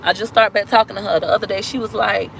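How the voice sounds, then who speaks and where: A woman in her thirties speaks candidly and emotionally in a personal vlog, repeating herself and acting out what others said. Her voice is medium-pitched and steady with vocal fry, and she talks quickly; the low-quality recording has a little hiss or hum.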